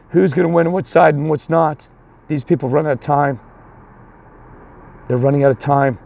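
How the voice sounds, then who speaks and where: A man with a mellow, fry-heavy voice tells a rambling story about coaching, stumbling over restarts and acting out the people in it. He then shifts into preaching. His tone stays low and gravelly throughout. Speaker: youth baseball coach.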